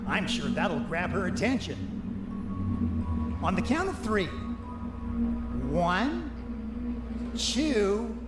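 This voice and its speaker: A man's voice: sits high, very animated, extremely slow, pauses often, full character voice. An actor playing a genial, polished male character who leads the group, speaking like an announcer. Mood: jovial. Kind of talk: video game character voice. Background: game music.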